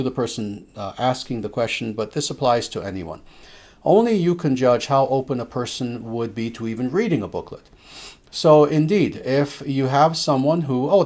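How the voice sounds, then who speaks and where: A male spiritual teacher answers questions from his listeners in a mid-pitched voice. He talks slowly and leans on key words, with gentle "oh" and "uh" sounds between his thoughts. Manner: slow, emphatic delivery with soft filler sounds.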